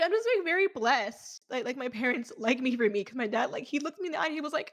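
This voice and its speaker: Twenties woman guest, outspoken, kinda high voice that jumps all over. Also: fast talker, few pauses. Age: 20s. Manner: animated and outspoken, casual swearing. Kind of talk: casual chat.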